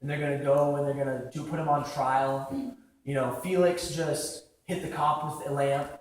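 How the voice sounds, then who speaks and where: A young man giving a casual sermon, talking conversationally with lots of "like" fillers and acting out quick quotes. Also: a little high, little pitch movement. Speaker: preacher. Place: large echoing church hall. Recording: very echoey hall from far off.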